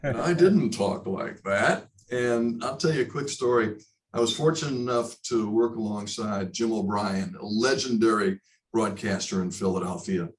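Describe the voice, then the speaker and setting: A man being interviewed about his broadcasting career. He talks in short, reflective phrases and his pitch jumps up sharply when he stresses a point. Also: moderate pace, low-quality recording. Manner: animated, rises sharply in pitch for emphasis. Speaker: guest, broadcaster. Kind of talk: storytelling in a casual interview.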